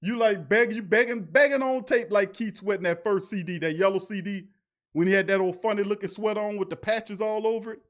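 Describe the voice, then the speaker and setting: A man's voice: high-pitched, a bit bright. Heated ranting sports-fan host, man. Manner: heated, ranting with rhetorical questions and mocking laughter; casual, slangy street talk. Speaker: sports talk show host. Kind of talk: fan sports commentary rant.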